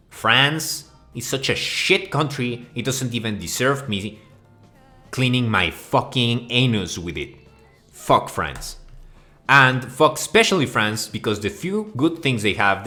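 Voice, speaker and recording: A man's voice: low-pitched, sharp tone. A man delivering a crude, swearing, mock-outraged rant that rambles from point to point. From Mexico. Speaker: video host. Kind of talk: profane comedic rant.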